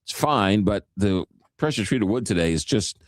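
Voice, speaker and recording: A man's voice: on the low side, expressive, moderate pace, no room sound, studio quality. A man hosting a casual morning radio show, joking with co-hosts and dropping into comic voices. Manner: jokey, slips into comic voices and accents.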